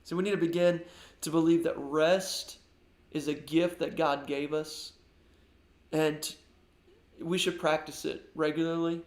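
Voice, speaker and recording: A man's voice: fairly high pitch, steady tone, a little slow, long pauses, darkish tone, reverberant. A man giving an earnest devotional sermon as a pastor, often repeating words as he goes.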